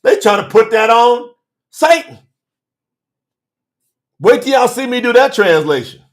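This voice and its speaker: A man preaching a live-streamed sermon in a very high, strikingly animated voice, swinging between soft asides and fervent shouts. He takes his time between phrases, talking loosely to viewers and then hollering scripture back at them. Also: unhurried. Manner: fervent, breaking into shouts and laughs; casual colloquial talk to viewers.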